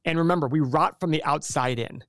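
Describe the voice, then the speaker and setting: A man's voice: on the high side, a little fast, a bit bright, dry recording, studio quality. A middle-aged man hosting an investing show, talking casually and emphatically, with rhetorical questions and acted-out quotes. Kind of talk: casual explanatory talk to camera.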